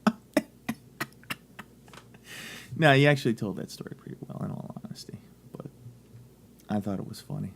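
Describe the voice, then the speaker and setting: Gravelly, profane man telling rambling stories. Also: lowish voice, fairly quick, long pauses, slight background noise. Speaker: podcast co-host. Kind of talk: casual podcast chat.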